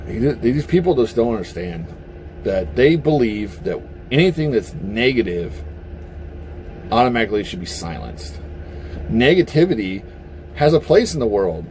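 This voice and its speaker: A man's voice: medium pitch, moderate pace, slight background noise. A man ranting casually to camera in a blunt, profane, heated way. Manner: animated, heated. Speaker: vlogger. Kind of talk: casual opinion rant.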